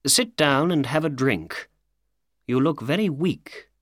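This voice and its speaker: A self-assured detective explains a crime slowly and deliberately, as a male audiobook reader puts him on. His pitch stays lively while the pace stays unhurried. The recording is dry and close. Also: no echo, exaggerated voice. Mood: knowing. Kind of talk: audiobook character voice.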